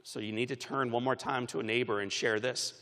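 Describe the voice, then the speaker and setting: A man giving a commencement speech, telling stories with animated shifts between loud and soft, recorded in a large arena. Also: medium pitch, fairly quick, in a large hall. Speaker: commencement speaker. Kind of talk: motivational speech.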